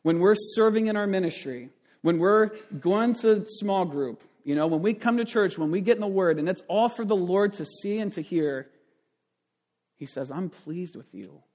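A man's voice: sits high, moderate pace, a little mellow. Conversational male pastor preaching. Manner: conversational preaching with frequent restarts and asides. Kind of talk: sermon.

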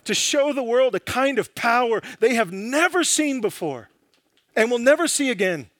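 A man preaching a sermon in a dramatic, emphatic way, often dropping low and slow for quotations. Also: animated, fairly bright tone, dry recording, studio quality.

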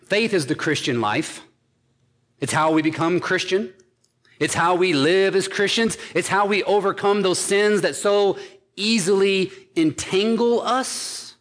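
High-voiced preacher in an echoing hall. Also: male voice, unhurried, a bit bright. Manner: emphatic preaching with repeated phrases. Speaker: pastor. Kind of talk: sermon.

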